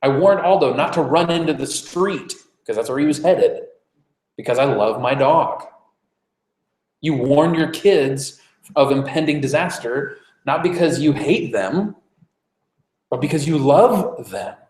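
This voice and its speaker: A man's voice: on the high side, expressive, a little slow, darkish tone. A man delivering a conversational sermon as pastor, informal, with frequent fillers and restarts. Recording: roomy, echoey church room.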